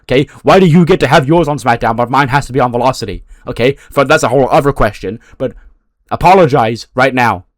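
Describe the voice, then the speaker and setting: A man voicing an indignant male wrestler who speaks raised, aggrieved and rushed. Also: mid-range voice, no room sound, studio quality, natural voice. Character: indignant young male wrestler, defending wife.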